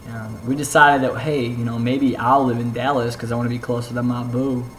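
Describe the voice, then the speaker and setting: A woman's voice: extremely low pitch, little pitch movement, fairly quick, a little hiss or hum, poor audio. A young woman vlogging at home, chatting casually and playfully teasing as she prompts her partner to tell a story. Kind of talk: casual chat.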